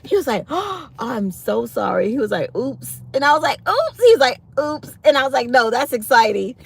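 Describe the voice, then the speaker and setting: A woman in her 50s hosts a casual morning chat for her channel, talking to live viewers and telling stories animatedly with acted-out quotes. Her voice is on the high side, gravelly and slightly rough, at a normal speed.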